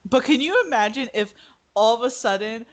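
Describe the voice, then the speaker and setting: A woman co-hosting a podcast in casual chat, animated, laughing often and acting out quotes. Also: a little high, brisk. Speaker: podcast co-host.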